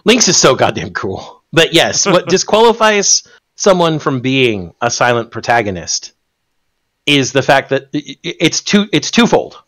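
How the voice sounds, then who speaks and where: Animated man in casual chat. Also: mid-range voice, normal speed, hardly any pauses. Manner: animated, swears freely, stumbles and restarts. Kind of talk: casual discussion.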